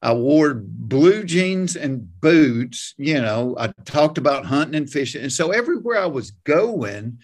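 A man's voice: on the high side, unhurried, few pauses. A man from Georgia with a Southern US accent, a comedian guest telling stories in a plainspoken, folksy way during a casual interview. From Georgia, USA. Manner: folksy, plainspoken, animated anecdotes.

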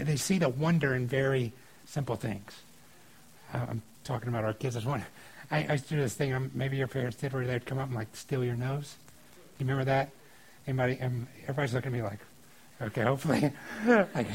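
A middle-aged man preaching a sermon as pastor, telling family stories in an animated way and acting out children's voices. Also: fairly high pitch. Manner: animated storytelling with acted-out kid voices.

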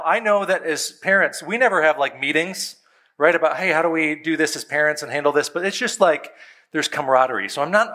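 A man with a bright, ringing voice that sits a little high for a man. He tells a parenting story conversationally, firing rhetorical questions at his listeners and acting out his kids and himself with big swings in pitch.

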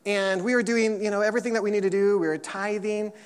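A man's voice: high voice, fairly even intonation, fast talker, smooth. Fiery preacher man in an echoing hall. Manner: fiery, preaching loudly with call-and-response. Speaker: pastor. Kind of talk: sermon. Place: church sanctuary. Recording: long reverb of a large hall.

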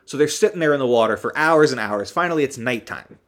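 A man's voice: mid-range voice, lively intonation, quick pace. A man hosting a podcast who recaps a movie in a casual, rambling, joking way, correcting himself as he goes. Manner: rambling, joking, with many ums and self-corrections. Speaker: podcast host.

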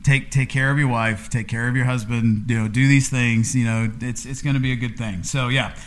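Casting: thirties male podcast host, mid-pitched, easygoing and rambling. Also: steady tone, brisk. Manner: rambling, filler-heavy, warm congratulating. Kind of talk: casual chat.

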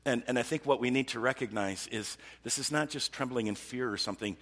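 A man preaching a sermon, earnest and repetitive, with frequent restarts, often dropping to a softer voice. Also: mid-range voice, quick pace, few pauses. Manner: earnest, repetitive, stumbling restarts, drops to soft voice. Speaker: pastor. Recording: long hall reverb.

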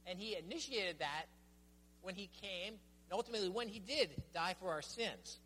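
High-voiced man preaching in a reverberant hall. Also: moderate pace, bright, forceful tone, slight background noise. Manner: emphatic, building lists with rising stress. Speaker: pastor. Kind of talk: sermon. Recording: long reverb of a church hall.

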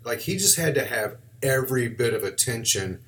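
A man's voice: medium pitch, animated, normal speed, fairly bright tone, slight background noise. A man with a Southern US accent co-hosting a podcast, in laid-back, wisecracking chat with some swearing. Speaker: podcast co-host. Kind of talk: casual chat.

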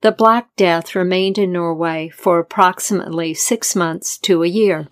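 A woman narrating a folktale and its history in a measured, deliberate scripted style. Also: fairly low pitch, fairly even intonation. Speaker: storyteller.

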